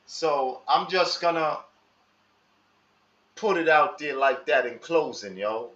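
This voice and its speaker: A man with a slightly high voice speaks in an unhurried, drawn-out way, full of street slang. He talks straight to his viewers and keeps asking them for their advice. The sound is muffled and lo-fi, and it rings in an echoey room. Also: lively intonation, fairly bright tone. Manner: slow, street slang, asks the audience for advice. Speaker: live stream host. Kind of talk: casual monologue to live chat.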